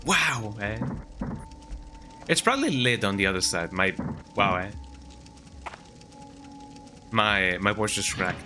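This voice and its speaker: Male streamer, lowish bright voice, animated casual commentary, game music behind. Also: slow pace, long pauses. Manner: chatty, lively, tags sentences with "eh?". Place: home, with a cat on his lap.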